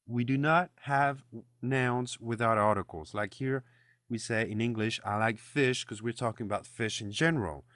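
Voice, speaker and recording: A man's voice: medium pitch, a bit bright, dry recording, studio quality. A man teaching a French lesson, patiently explaining pronunciation and repeating phrases for the listener to copy. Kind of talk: language lesson with repeat-after-me drills.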